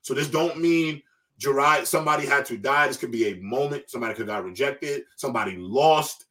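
A man's voice: medium pitch, fairly quick, a bit bright, recorded from a distance. A man hosting a casual panel talk show, speaking loosely with slang and emphatic asides. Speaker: show host.

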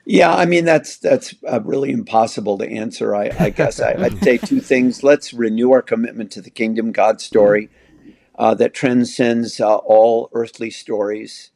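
An older man speaking as the guest theologian in a conversational interview, reflective and measured, telling stories with frequent pauses. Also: mid-range voice, gravelly, darkish tone, dry recording.

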